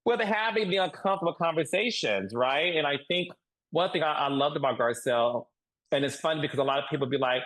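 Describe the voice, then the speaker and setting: A man talking as a guest on a podcast interview, emphatic and animated, repeating points for stress. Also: on the high side, a little fast, low-quality recording. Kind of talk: casual interview chat.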